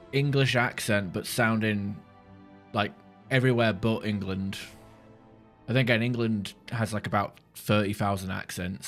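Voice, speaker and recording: Male streamer, low voice, sarcastic, sweary, rambling, game music behind. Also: a bit bright. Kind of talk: casual gaming commentary.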